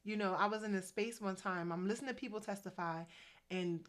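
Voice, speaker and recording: A woman in her fifties talking casually to her camera about faith, chatty and preachy, with quick asides. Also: mid-range voice. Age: 50s. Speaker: faith vlogger. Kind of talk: casual faith-based vlog talk.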